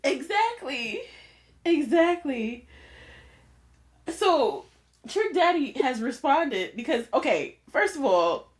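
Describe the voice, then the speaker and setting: A woman's voice: sits high, big pitch swings, slow pace, long pauses. A woman co-hosting a podcast, chatting casually and animatedly, often laughing as she tells a story. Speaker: podcast co-host.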